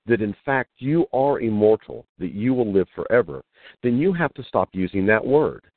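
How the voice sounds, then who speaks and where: A man's voice: medium pitch, animated, moderate pace, no room sound. A man, a guest teacher, explaining spiritual ideas in conversation and telling stories with acted-out quotes. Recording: dry phone-like line.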